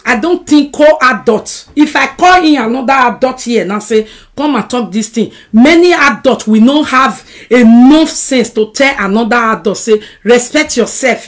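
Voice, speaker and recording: Streaming casually from home, a Nigerian-accented woman fires back at viewers' comments, animated and argumentative. Her voice sits on the high side.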